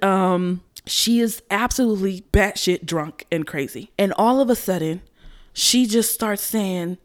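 A young American woman telling a personal story in a blunt, profane, animated way, laughing often. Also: medium pitch. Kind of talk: candid storytelling.

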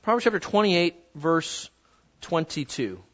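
A man preaching a sermon in a conversational, animated way, slowing down to stress key words. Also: a little high. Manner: conversational, animated, slows down for emphasis. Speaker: pastor. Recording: dull lo-fi sound.

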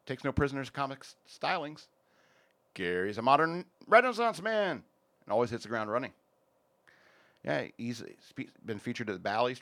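A man's voice: mid-range voice, a bit bright. Rambling man hosting a podcast. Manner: rambling, jokey, many fillers. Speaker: podcast host. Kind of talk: casual podcast chat with sponsor reads.

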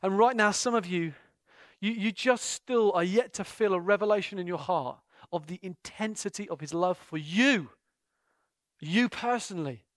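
A man preaching an impassioned sermon and leading prayer in a church, his delivery swinging between hushed intensity and loud, fervent bursts. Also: sits high, moderate pace, dry recording, clean studio sound. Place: church meeting room.

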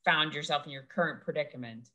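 Bright, upbeat woman podcast co-host. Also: low-pitched, fast talker, lo-fi sound. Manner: upbeat, prompting and recapping for her co-host. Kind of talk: casual chat over video call.

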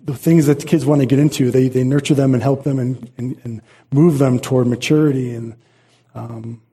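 A man's voice: medium pitch, warm tone, husky. A middle-aged man pastor preaching a sermon in an earnest, repeating way, often restarting his phrases.

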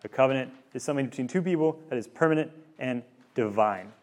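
A man's voice: mid-range voice, fast, a little mellow. A man in his thirties giving a casual teaching talk to college students, rambling through a family story with lots of fillers. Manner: rambling, filler-heavy storytelling with many likes. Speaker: campus ministry speaker. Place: room with a student group.

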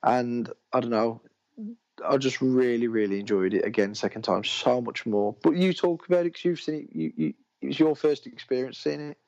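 A man's voice: medium pitch, moderate pace, a little mellow. A man co-hosting a casual film podcast, talking in an enthusiastic, rambling way and often cutting himself off. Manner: rambling, enthusiastic, self-interrupting. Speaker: podcast co-host. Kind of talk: casual chat. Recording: dull lo-fi recording.

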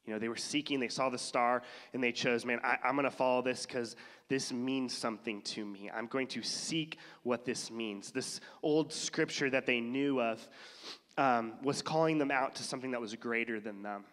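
Casual preacher in a reverberant hall. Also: male voice, mid-range voice, moderate pace, fairly bright tone. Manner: conversational, acts out voices of people in stories. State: has a cough. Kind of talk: casual sermon.

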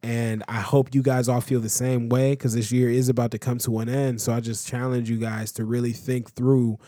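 A man's voice: medium pitch, little pitch movement, moderate pace, mellow, no echo, studio quality. A man co-hosting a podcast, talking in a casual, exasperated way and laughing through his protests. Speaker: podcast co-host. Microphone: podcast microphone.

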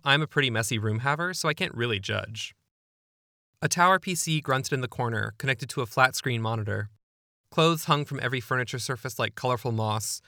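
A man's voice: medium pitch, creaky, bright, forceful tone, dry recording, clean studio sound. A young man narrating his own memoir in a wry, self-deprecating, conversational way. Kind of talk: memoir storytelling.

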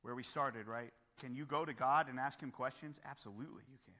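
A man preaching a sermon as pastor, earnest and building to forceful emphasis, with frequent restarts and rhetorical questions. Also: medium pitch, a little fast. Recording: long hall reverb.

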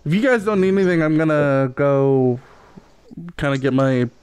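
A man's voice: fairly high pitch, lively intonation, normal speed, darkish tone, smooth, natural voice. A man voicing a tall, slender male elf who is friendly and stumbles over his words. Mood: hesitant.

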